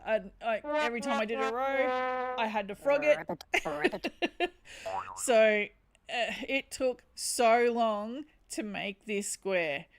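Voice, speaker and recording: A woman's voice: on the high side, takes it slowly. A woman hosting a crochet livestream, chatting casually and giggling often as she opens a parcel. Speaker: crochet channel host. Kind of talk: casual livestream chat, unboxing. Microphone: home streaming setup.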